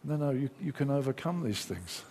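Man, middle-aged, husky, preaching, animated sermon voice, mimics doubting voices. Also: medium pitch, fairly quick. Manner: lively preaching, acts out inner voices.

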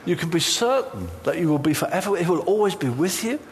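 A man's voice: sits high, expressive, quick pace, slight background noise. A man preaching a sermon, telling a personal story full of quoted dialogue. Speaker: pastor.

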